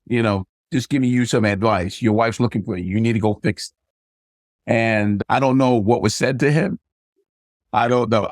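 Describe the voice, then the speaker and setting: A man's voice: on the low side, no room sound, studio quality. Older man telling family stories. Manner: animated storyteller acting out quoted dialogue. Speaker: guest, retired army sergeant major. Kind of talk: casual storytelling interview.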